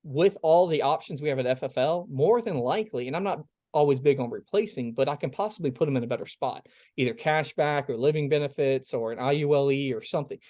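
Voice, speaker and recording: Sales team lead, male, mid pitch, folksy and chatty, acts out his calls, dry and close. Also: fast talker, darkish tone, dry recording. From South Carolina. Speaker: insurance sales team leader. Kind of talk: casual sales coaching on a team call.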